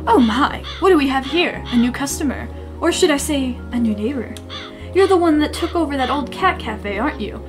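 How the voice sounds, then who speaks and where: A woman voicing a smooth, scheming female shopkeeper, speaking suavely, lower and quieter. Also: animated, moderate pace, over music.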